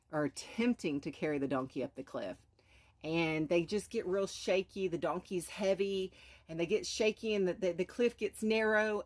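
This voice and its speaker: A woman hosting a live stream, earnestly telling a moral story and sprinkling in rhetorical "right?"s. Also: on the low side. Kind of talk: inspirational storytelling talk.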